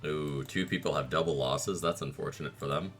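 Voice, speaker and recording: A man's voice: very deep voice, faint music behind. A man giving casual let's play commentary on a monster-raising game, reacting with short quips and dry asides. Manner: casual, self-deprecating, reacts with quick quips. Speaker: gaming video creator.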